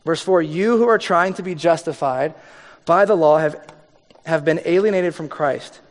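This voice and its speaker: Pastor, male, casual joking sermon delivery, slightly higher voice, long church-hall reverb. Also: normal speed. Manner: conversational and joking, acts out quoted voices.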